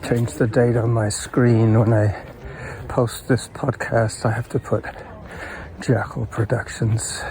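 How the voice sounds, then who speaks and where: A man's voice: mid-range voice, flat delivery, slow, a little mellow. A man vlogging in a casual, rambling monologue as he walks a golf course trail, recorded on a chest-mounted camera and greeting people he passes. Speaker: podcaster vlogging his morning walk. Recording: outdoor noise clearly behind him.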